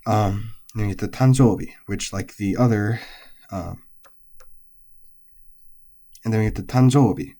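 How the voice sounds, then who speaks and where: Casting note: man, lower-pitched, mellow tone, a relaxed language teacher talking through vocabulary with frequent fillers. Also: a little slow, pauses often. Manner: relaxed, explains step by step with many ums and uhs. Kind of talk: recorded pitch-accent lesson.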